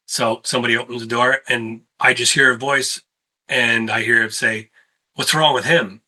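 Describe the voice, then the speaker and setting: A man hosting a casual sit-down conversation and telling lively tour stories. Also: medium pitch, rough recording. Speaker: host; touring musician.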